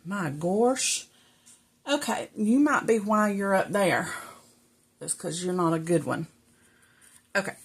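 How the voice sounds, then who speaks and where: A woman's voice: medium pitch, lively intonation, takes it slowly, long pauses, breathy edge. A middle-aged woman, out of breath and rambling as she chats to viewers while crafting at home. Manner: rambling and chatty, self-talk while working. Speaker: crafting vlogger. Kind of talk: casual chat while crafting. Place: home craft room, indoors.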